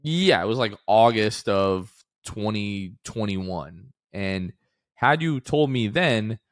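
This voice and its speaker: A man's voice: on the low side, lively intonation, slow pace, no echo, clean studio sound. A man co-hosting a casual sports podcast, talking in an upbeat, rambling way with many fillers. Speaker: podcast co-host.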